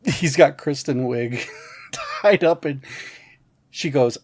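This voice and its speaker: A man's voice: medium pitch, slow, a little hiss or hum. A man co-hosting a podcast in casual chat, laughing a lot, swearing freely and acting out quotes in put-on voices. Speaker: podcast co-host.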